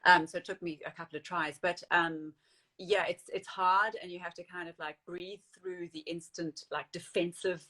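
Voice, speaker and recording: A woman's voice: fairly low pitch, fairly even intonation, moderate pace, bright, forceful tone. A middle-aged woman, a guest in a casual interview who talks with many fillers and restarts. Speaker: actress and screenwriter, interview guest.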